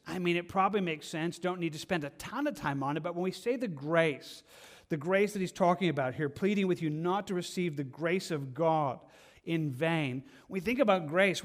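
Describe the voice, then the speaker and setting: A pastor delivers a verse-by-verse sermon from a church stage, earnest and impassioned. His voice runs on the high side at a moderate pace, and he often stumbles and restarts while searching for words.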